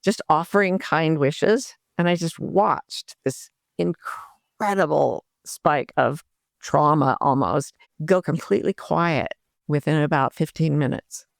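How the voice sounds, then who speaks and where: Gravelly, gently explaining older woman. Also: sits low, takes it slowly, dry recording, studio quality. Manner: warm, gentle explanations with soft spoken self-talk asides. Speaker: guest, life coach and author. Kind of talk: podcast interview.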